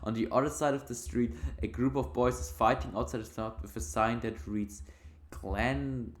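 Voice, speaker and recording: A man with a mid-pitched voice reads gamebook narration for a let's play, breaking off now and then for casual, offhand asides. The recording sounds roomy and echoey. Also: fairly even intonation, moderate pace. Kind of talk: reading a gamebook and reacting, casual. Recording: roomy echo.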